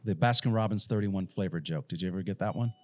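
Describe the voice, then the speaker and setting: Deep-voiced man telling crude jokes. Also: fast. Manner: animated joke-teller. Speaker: podcast co-host. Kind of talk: casual chat, telling jokes.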